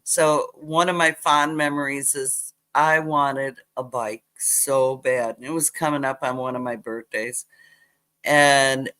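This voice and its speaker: An older woman telling childhood stories in a casual chat, animated as she retells them. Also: deep voice. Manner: animated retelling with acted quotes. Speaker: guest.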